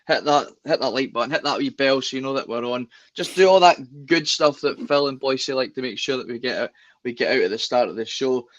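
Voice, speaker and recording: A man's voice: mid-range voice, fairly quick, fairly bright tone, muffled recording. A Scottish man hosting a casual football podcast, chatty and upbeat, often restarting his words. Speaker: podcast host.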